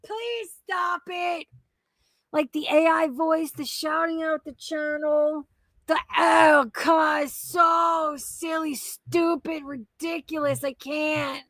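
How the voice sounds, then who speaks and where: High-voiced woman ranting, slow and deliberate. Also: flat delivery, a bit bright, no room sound. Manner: profane, exasperated, mocking. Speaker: commentary channel host. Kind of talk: ranting reaction commentary.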